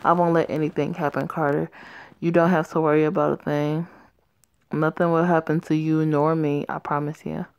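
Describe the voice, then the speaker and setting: A woman voicing a calm teenage boyfriend who speaks in a laid-back, reassuring way. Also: sits low, normal speed, clean tone, no echo.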